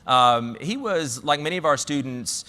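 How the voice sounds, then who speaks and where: A man's voice: mid-range voice, lively intonation, moderate pace, sharp tone. Southern man giving a talk in a big hall. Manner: storytelling, restarts and fillers. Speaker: conference speaker. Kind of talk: conference talk.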